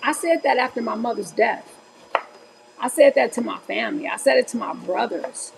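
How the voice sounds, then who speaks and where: Gravelly-voiced woman in her forties, chatting. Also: a little high, lively intonation, normal speed, a little hiss or hum. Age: 40s. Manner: chatty and candid, often calls viewers "y'all". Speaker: livestream host. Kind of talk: casual livestream chat while preparing fruit.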